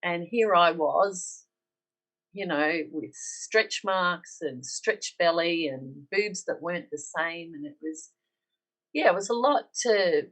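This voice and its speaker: A woman's voice: fairly low pitch, lively intonation, slow, a bit bright, poor audio. A middle-aged woman with an Australian accent, earnestly telling her personal story on a podcast and acting out the dialogue she quotes. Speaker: podcast guest.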